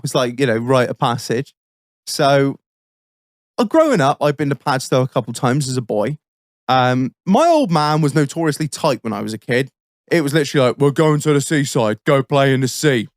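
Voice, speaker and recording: A man's voice: mid-range voice, no echo, clean studio sound. Sweary Englishman telling rambling tales. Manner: swears constantly, rambling anecdotes with frequent laughs. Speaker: podcast host. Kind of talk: casual podcast storytelling.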